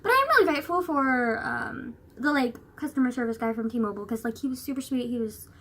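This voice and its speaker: A young woman vlogs in a rambling, casual chat, her speech full of "like" and frequent swearing. Her voice is a little high, bright and forceful, with lively intonation and a brisk pace, over slight background noise.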